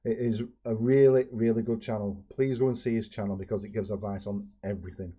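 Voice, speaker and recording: A man's voice: fairly low pitch, fairly even intonation, a little fast, slightly rough. A man from the UK, introducing a video in a chatty way on his channel. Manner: chatty, with fillers. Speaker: YouTube channel host. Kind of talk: casual vlog introduction. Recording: dull lo-fi sound.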